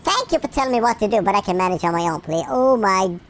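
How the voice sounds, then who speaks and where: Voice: mid-range voice, expressive, fast talker, very noisy. A gameplay commentator talking through a game in a playful way, with silly sound effects, made-up words and sudden yelps. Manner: yelps and shrieks when startled.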